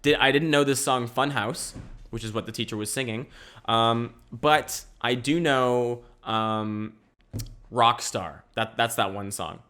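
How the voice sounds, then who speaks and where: A young man hosting a casual solo podcast from home, rambling and energetic and laughing often. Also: medium pitch, normal speed. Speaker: podcast host.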